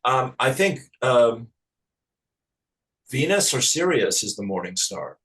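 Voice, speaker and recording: A man from Ireland, a spiritual teacher talking as an interview guest in a halting, earnest, affectionate way with many restarts. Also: medium pitch, big pitch swings, fairly bright tone, rough recording. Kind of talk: casual spiritual interview chat.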